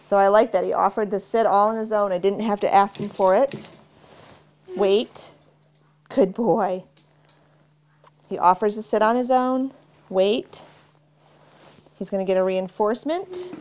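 A middle-aged woman dog trainer explaining basic commands in a relaxed, instructional way while working with a dog. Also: unhurried, long pauses, slight background noise. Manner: relaxed explaining, cheerful high praise to the dog. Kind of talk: instructional demonstration.

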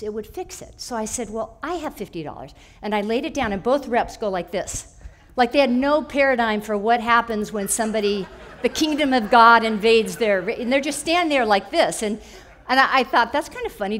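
A woman with a fairly high voice giving a church talk as a relaxed story. She tells it casually and acts out the people and voices in it. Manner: conversational storytelling with quoted voices. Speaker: church speaker. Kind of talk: personal story sermon.

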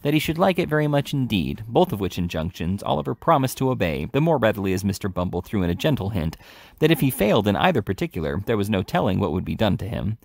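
A man reading a classic novel aloud, steady, with occasional self-corrections. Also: fairly low pitch, fast, vocal fry, no room sound, studio quality. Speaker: audiobook reader.

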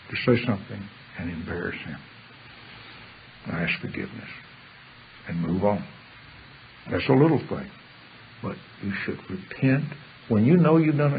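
Gravelly man preaching over a tinny line. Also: fairly low pitch. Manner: reads verses then explains them in plain conversational asides. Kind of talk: sermon with scripture reading. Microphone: pulpit microphone. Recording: tinny phone-like sermon recording, faint hiss.

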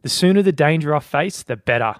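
A man's voice: a little high, expressive, brisk, no echo, clean studio sound, natural voice. Man doing a rousing ancient general. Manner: grand, declaiming speech in a put-on accent. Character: ancient male general rallying his soldiers.

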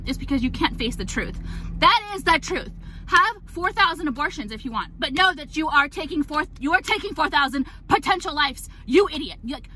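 A woman talks straight into the camera in a loose, profane rant, full of filler words and blunt jabs at her viewers. Her voice sits a little high and cuts through bright and sharp. A faint hum of noise runs underneath. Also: rough recording. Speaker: vlogger selling her jewelry line.

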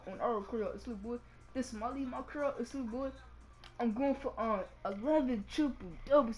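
A man's voice: very high-pitched, rough recording. A guy giving casual gameplay commentary, slangy and tacking a "y'all" onto nearly every phrase. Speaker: gaming channel host.

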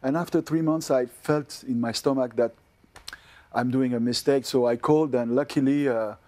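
A man's voice: medium pitch, steady tone, normal speed, mellow. An older man from France with a French accent, an actor answering TV interview questions in a hesitant way, with many fillers and restarts. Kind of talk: TV interview chat.

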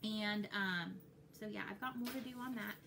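A woman's voice: medium pitch, moderate pace, gravelly, bright, forceful tone, a little hiss or hum. Chatty Texan woman rambling to camera. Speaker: cross-stitch vlogger. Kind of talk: casual chat to camera.

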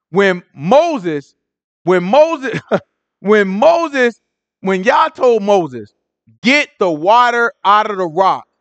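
High, animated man teaching Bible study. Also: no room sound. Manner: lively, conversational, repeats phrases, asks questions.

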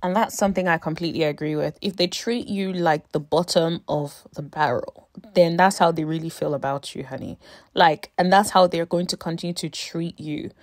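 A woman with a fairly low voice gives a casual reality-show recap, emphatic and quick to scold the cast. Her delivery is animated, full of asides and pet names like honey. The sound is dry and close, with no room echo. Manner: exasperated asides, calls people honey and sis. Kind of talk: casual reality-TV review commentary.

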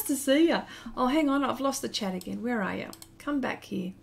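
A middle-aged woman with an Australian accent chats casually while she draws on a live stream. Her voice sits fairly high. She laughs easily and reads out messages from her viewers. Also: expressive, moderate pace, vocal fry, few pauses. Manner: chatty, laughs often, reads chat aloud. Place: home studio shed.

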